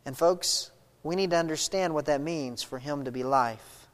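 Woman preaching in a reverberant hall. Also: moderate pace. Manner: swings between loud emphatic stretches and quiet low passages; expository, walks through a scripture passage verse by verse. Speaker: pastor. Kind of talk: sermon.

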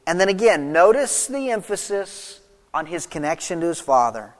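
A man preaching from the pulpit, reading verses and then pressing his point with emphasis. His voice sits high for a man, rising loud and dropping soft. A long reverb trails behind him as in a large hall. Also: big pitch swings, normal speed. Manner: reads scripture aloud, then expounds with emphatic swings of pitch and volume. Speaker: pastor. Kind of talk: sermon.

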